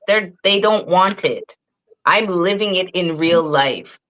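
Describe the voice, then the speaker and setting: Blunt, low-voiced woman comedian. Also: slow, a bit bright, rough recording. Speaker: comedian guest. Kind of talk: casual chat.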